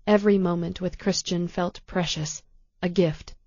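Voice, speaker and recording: Woman narrating a novel, low and dry. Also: no echo, highs cut off. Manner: calm, measured storytelling. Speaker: audiobook narrator. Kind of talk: scripted narration.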